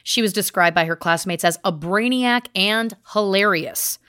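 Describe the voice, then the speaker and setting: A woman's voice: mid-range voice, moderate pace, pushed and bright, smooth, no room sound, studio quality. A woman podcast host recounting research in a chatty, casual way, full of asides. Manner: chatty, speaks in asides and restarts. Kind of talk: casual storytelling chat.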